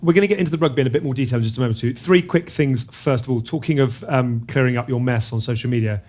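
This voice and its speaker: A man's voice: mid-range voice, very fast, darkish tone. A man hosting a rugby podcast, teasing his co-hosts and steering the talk. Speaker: podcast host. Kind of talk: casual chat hosting.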